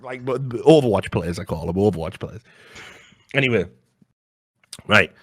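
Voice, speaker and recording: A man co-hosting a casual comedy chat, telling rambling, profane stories and breaking into sudden high-pitched outbursts. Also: expressive, normal speed, a bit bright, husky, no room sound, clean studio sound. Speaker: podcast co-host.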